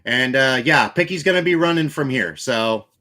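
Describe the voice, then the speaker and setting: A man's voice: medium pitch, lively intonation, moderate pace, pushed and bright. A man hosting a livestream in casual chat, loose and talkative with frequent restarts. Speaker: livestream host.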